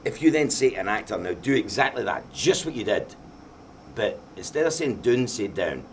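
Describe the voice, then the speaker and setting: Middle-aged Glaswegian man, low-pitched, emphatic, faint noise behind. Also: expressive, a little fast. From Scotland. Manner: passionate, emphatic, repeats himself. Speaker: film director being interviewed. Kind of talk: Q&A after a film screening.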